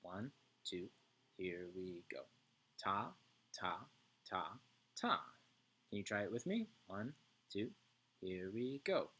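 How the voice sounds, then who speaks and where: A man's voice: low-pitched, big pitch swings, a little slow, slightly rough. A male music teacher giving an online lesson to young children, chanting rhythm syllables and checking in often with "right?".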